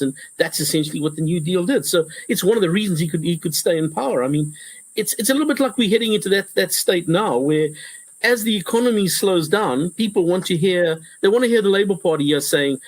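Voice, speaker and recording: Professor guy in an interview, high husky voice, really animated, keeps restarting, dry close mic. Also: quick pace, no room sound, low-quality recording. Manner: animated, repetitive restarts, acts out quotes. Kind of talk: conversational interview.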